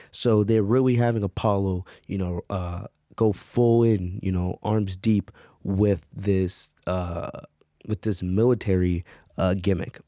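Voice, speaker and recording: Chatty man with a dark, dry voice. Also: on the low side, no room sound. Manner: chatty, frequent fillers and "right?" tags. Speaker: podcast host reviewing wrestling. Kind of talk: casual review monologue.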